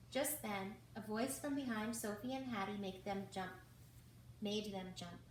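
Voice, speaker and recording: A woman reading a children's book aloud in a slow, expressive way. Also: mid-range voice, slight background noise. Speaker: reader. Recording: roomy, from far off.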